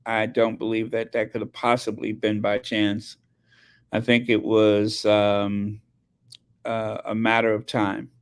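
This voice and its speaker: Slow, hesitant male commentator. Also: lowish voice, completely flat delivery, clear, resonant tone. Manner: hesitant, many fillers and restarts. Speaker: channel host. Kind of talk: casual commentary.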